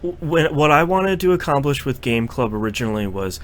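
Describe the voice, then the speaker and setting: A man co-hosting a casual chat, animated and quick to laugh. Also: on the high side. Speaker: podcast co-host.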